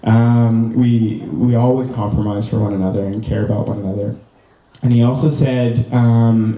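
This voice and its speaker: A man's voice: mid-range voice, steady tone, moderate pace, mellow. A young man from Canada, the groom, giving an earnest, rambling wedding speech full of ums and restarts. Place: wedding reception room. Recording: distant, roomy, slightly dull hall recording.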